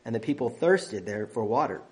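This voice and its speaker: Man preaching, average pitch, builds emphasis point by point. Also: animated, moderate pace, a little mellow. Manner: emphatic, counting off numbered points. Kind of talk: sermon.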